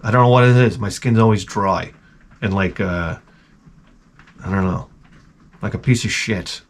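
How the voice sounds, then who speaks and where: A man's voice: lowish voice, measured pace. A middle-aged man hosting his own show, telling a profane, rambling, self-mocking story full of stammered restarts. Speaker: show host. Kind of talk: casual comedic rant.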